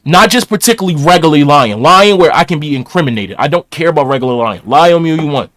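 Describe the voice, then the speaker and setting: A man's voice: a little high, animated, fast, fairly bright tone, no room sound. Opinionated man with a dry close voice. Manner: opinionated, emphatic. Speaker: streamer reacting. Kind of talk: casual commentary.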